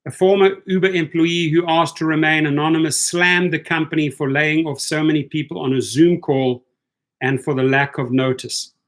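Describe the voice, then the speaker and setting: A man hosts a live stream with a fairly high speaking voice, reading viewer comments one after another. He talks bluntly and turns indignant, hammering the same point again and again. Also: fairly even intonation, moderate pace, a bit bright. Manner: indignant, blunt, repeats himself for emphasis.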